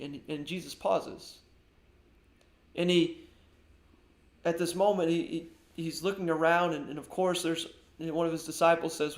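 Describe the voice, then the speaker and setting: A male pastor delivers an earnest devotional sermon, his fairly high voice edged with gravelly fry. He often restarts and repeats words as he talks. The sound carries a noticeable echo from the room around him. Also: fairly even intonation, measured pace.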